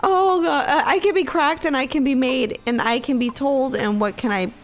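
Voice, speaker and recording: A woman giving casual gameplay commentary, excitable, gasping and shrieking at scares and laughing often, and reading riddles aloud slowly. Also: high-pitched. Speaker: gaming video creator. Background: game music.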